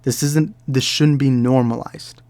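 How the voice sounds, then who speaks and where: A young man delivers angry reaction commentary in a slightly gravelly voice, at a middle pitch. He rants heatedly and circles back over the same points. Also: fairly even intonation, measured pace, dark tone. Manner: heated, ranting, repeats himself. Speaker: commentary YouTuber.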